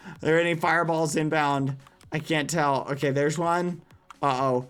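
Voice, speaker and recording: Excitable male streamer with a bright voice. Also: normal speed, clear, resonant tone, soft background music. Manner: excitable, shrieks high when the game turns; talks to chat and players by name. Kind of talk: live game stream commentary.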